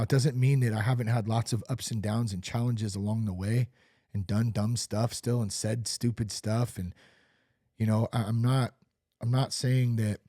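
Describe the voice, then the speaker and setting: A man's voice: on the low side, warm tone, husky, dry recording, studio quality. A man hosting a podcast, sharing a personal recovery story in an earnest way and repeating phrases for emphasis. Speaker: podcast host.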